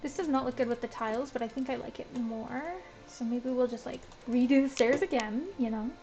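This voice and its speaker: A woman's voice: a little high, fairly even intonation, brisk, warm tone, faint music behind, poor audio. A woman streaming a building game, chatting casually to herself with lots of "like" and a self-described Valley Girl way of talking. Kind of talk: casual gameplay commentary.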